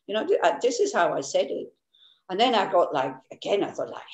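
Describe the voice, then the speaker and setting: A woman's voice: mid-range voice, very animated, brisk. Candid woman giving a dharma talk. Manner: candid, laughs often, restarts words. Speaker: Buddhist teacher. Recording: echoey room.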